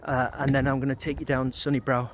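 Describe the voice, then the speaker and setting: A man's voice: mid-range voice, level tone, fast talker, slight background noise. A middle-aged man walks around an outdoor neighbourhood. He reminisces in a loose, rambling way, full of filler words and casual swearing. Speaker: vlogger.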